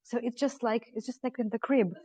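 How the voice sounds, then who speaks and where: A woman's voice: a little high, a little fast, warm tone, husky, no room sound. Awestruck woman guide. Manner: effusive, breathless with wonder. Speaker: tour guide. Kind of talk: live tour vlog. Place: inside a church. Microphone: handheld phone.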